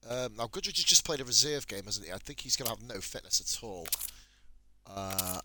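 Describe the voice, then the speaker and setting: A man's voice: on the low side, animated, a little fast, pauses often, background noise. A young man giving casual, profanity-laced commentary while playing a game, chatting and muttering to himself. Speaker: gaming channel host.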